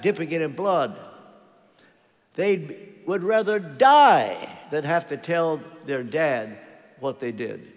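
Older male preacher in a reverberant hall. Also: on the high side. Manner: storytelling preacher, acting out quotes, rising and falling emphasis. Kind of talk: sermon. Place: church.

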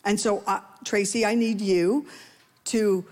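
A woman's voice: fairly even intonation, measured pace, a little mellow. A woman preaching a sermon in a conversational, playful way, often acting out quoted voices. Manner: conversational, playful asides to the congregation; acts out quoted voices with rising pitch.

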